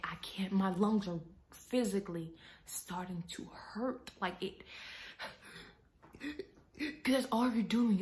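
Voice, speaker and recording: A young woman telling a story to her viewers, talking to them casually and dramatically, and often dropping to a hushed whisper. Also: medium pitch. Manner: chatty, addresses viewers as y'all.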